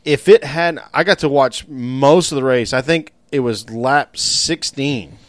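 A man co-hosting a casual sports podcast who speaks in a reflective, unhurried way, often pausing on fillers. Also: mid-range voice, no echo. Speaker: podcast co-host. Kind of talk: casual chat.

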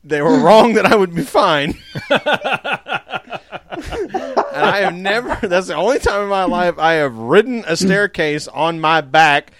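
A man's voice: high voice, lively intonation, unhurried, pauses often, crowd noise. A man in his thirties co-hosting a podcast, telling a long story in a rambling, laughing casual chat. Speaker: podcast co-host.

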